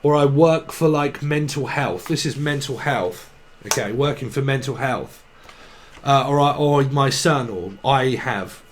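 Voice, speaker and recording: A man's voice: mid-range voice, a little slow, a little hiss or hum. Rambling man reading tarot. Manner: free-associating wordplay, giggly asides. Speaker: tarot reader. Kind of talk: rambling tarot channelling monologue.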